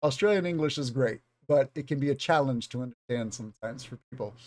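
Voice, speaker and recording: A man's voice: mid-range voice, quick pace, a little mellow. Southern US man teaching casually. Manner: rambling, conversational, self-aware. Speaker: English teacher. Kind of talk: unscripted video lesson.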